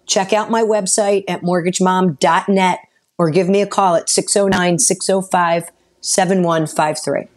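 Woman mortgage expert on the radio, lowish voice, brisk and to the point. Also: steady tone. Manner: brisk, businesslike. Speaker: mortgage broker and radio co-host. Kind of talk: informative radio talk. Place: radio studio. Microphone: studio microphone.

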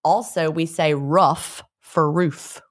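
A woman of middle age chats casually as a show co-host, reading out listener notes. Her voice sits a little on the low side, and she lingers on funny words, saying them again for fun. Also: very animated, moderate pace. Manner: playful, savors odd words and repeats them. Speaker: podcast co-host.

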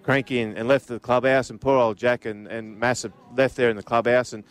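Australian male host, middle pitch, rambling yarn-spinner who repeats words. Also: flat delivery, brisk. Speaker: radio host. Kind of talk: casual storytelling chat.

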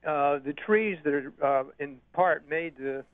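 Indignant caller on a tinny phone line. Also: male voice, on the high side, no room sound. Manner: halting, full of uhs, indignant. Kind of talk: phone-in call.

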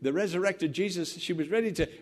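A man preaching a sermon as pastor, earnest and conversational, swinging from fervent emphasis to soft, quiet phrases. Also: sits high, quick pace. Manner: repeats words and restarts, conversational preaching.

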